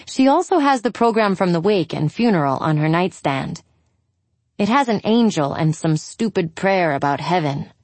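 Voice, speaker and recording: A woman reading a novel aloud in the first person, telling the story at a measured pace. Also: on the low side, no echo. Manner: slow, measured storytelling with lively intonation. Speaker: audiobook narrator.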